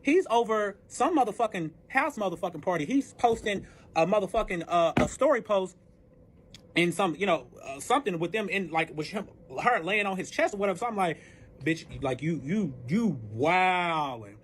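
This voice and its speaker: Fast, high-voiced man telling a heated story. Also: expressive. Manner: profane, heated, reenacts arguments. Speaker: storyteller recounting a breakup. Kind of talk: casual storytelling.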